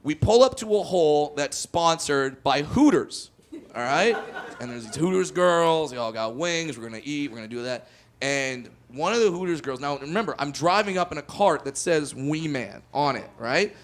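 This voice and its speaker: A man doing stand-up, telling a story to a live audience and bursting into loud shouted voices for the people in it. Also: a little high, normal speed. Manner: animated, jumps into loud shouted character voices. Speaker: stand-up comedian.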